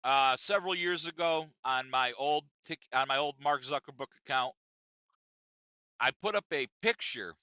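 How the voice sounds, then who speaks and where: Male podcast co-host, emphatic and profane storyteller, forceful tone, dry close mic, a bit lo-fi. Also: medium pitch, normal speed, clean tone, dry recording. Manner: profane, emphatic, repeats himself. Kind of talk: casual storytelling rant.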